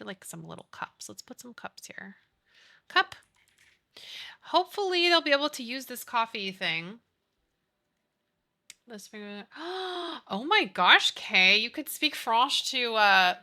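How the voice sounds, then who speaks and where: A young woman streamer chatting casually while she plays, giggly and quick to swear. Her voice is very bright, and her pitch swings widely as she talks. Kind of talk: casual live-stream chat while gaming.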